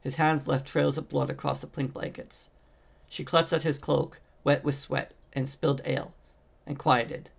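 A man's voice: a little high, level tone, normal speed, vocal fry, breathy edge. A man reading a fantasy novel aloud as an amateur audiobook narrator, stumbling and restarting on words now and then. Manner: reads with frequent slips and restarts. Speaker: audiobook reader.

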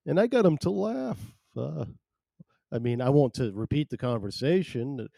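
A man's voice: mid-range voice, expressive, normal speed, gravelly, mellow, no room sound, clean studio sound. A man hosting a casual live podcast from home, rambling and self-deprecating as he chats. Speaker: podcast host. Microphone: headphones and desk mic.

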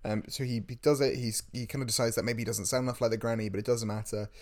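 A man co-hosting a casual chat about a film, explaining plot points in a steady, teasing way. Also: medium pitch, quick pace. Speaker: podcast co-host.

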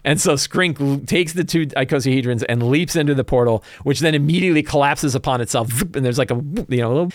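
A man's voice: medium pitch, a little fast, hardly any pauses, dry recording. Rambling male game master, dry sound. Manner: rambling storyteller, many fillers and restarts. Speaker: game master and show host. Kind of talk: casual campaign recap.

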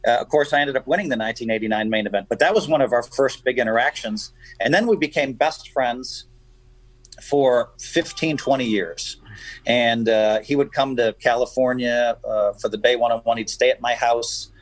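A man guesting on a radio show, telling stories in an animated, emphatic way. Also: medium pitch, normal speed, dry recording, rough recording. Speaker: guest poker player. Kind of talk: casual radio chat, storytelling.

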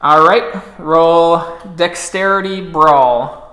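A man's voice: on the high side, slight background noise. Man running a tabletop game, echoey room. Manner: relaxed, pauses with "uh" while calling out rolls. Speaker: storyteller.

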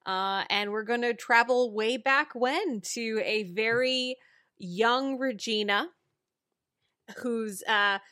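A woman co-hosting a podcast with a bright, slightly high voice. She speaks slowly and easily, retelling events like a relaxed storyteller, recorded close and dry. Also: no echo. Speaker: podcast co-host. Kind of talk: casual recap chat.

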